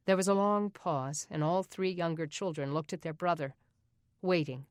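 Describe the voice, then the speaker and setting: A woman's voice: on the low side, normal speed, no room sound, clean studio sound. Woman narrating an audiobook. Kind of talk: scripted narration.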